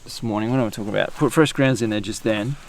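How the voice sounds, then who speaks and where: A man's voice: lowish voice, fast talker. An Australian man hosting an outdoor podcast, chatting casually and rambling with fillers and restarts. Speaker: podcast host.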